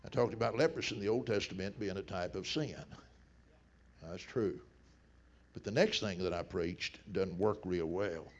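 A middle-aged man preaching a sermon, telling stories in a folksy way that swings between loud bursts and hushed low passages. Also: normal speed. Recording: dull lo-fi sound.

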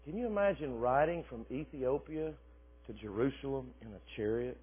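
A man preaching a sermon, lively and dramatic, shifting between quiet asides and loud shouting. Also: mid-range voice, moderate pace. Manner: animated preaching, swings from soft asides to shouting, laughs often. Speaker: pastor. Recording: phone-like, thin and husky.

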